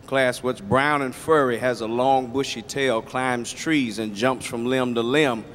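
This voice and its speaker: A man's voice: mid-range voice, steady tone, a little slow, a bit bright, slight background noise, close to an everyday voice. A man voicing a female Bible class teacher asking a riddle, in a reverberant hall. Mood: quizzing.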